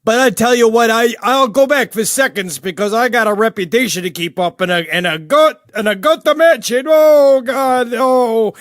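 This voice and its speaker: A man's voice: very high-pitched, normal speed, hardly any pauses, fairly bright tone, no room sound, studio quality. A man playing a rambling, pious, petty jailed older killer in a comedic character monologue, full of gossip and sudden outbursts.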